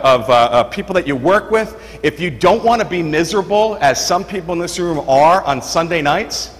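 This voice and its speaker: A man in his forties from New York with a New York accent, giving a lively, chatty seminar talk to a room full of people. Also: on the high side, big-room sound. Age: 40s. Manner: energetic, chatty, lots of "you know" and "right". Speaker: seminar presenter.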